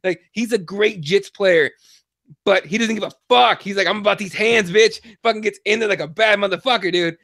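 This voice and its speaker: High voiced guy cursing a lot, telling fight stories on a podcast, dead dry mic. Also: fairly quick, no echo. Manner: profane, animated storytelling. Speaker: podcast co-host. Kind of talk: casual chat.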